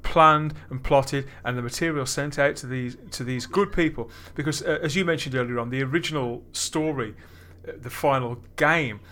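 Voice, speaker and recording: A man interviewing guests, asking measured, knowledgeable questions. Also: medium pitch, pushed and bright.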